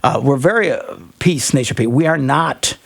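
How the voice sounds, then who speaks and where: A man's voice: medium pitch, normal speed, gravelly, no room sound. A middle-aged man hosting a radio advice show, rambling and joking and laughing often. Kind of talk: call-in advice show banter.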